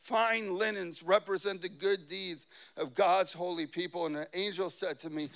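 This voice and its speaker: Man, pastor, high voice, sermon, dramatic shifts from hushed story to booming scripture. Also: fairly even intonation, moderate pace, few pauses. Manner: swings from quiet anecdote to loud emphatic scripture reading.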